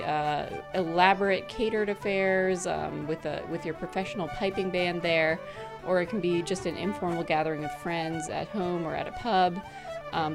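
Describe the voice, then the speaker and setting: Chatty woman w a low voice explaining stuff, lots of ums and little laughs, faint music behind. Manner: chatty, laughs often, many fillers. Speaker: presenter. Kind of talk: casual explainer talk.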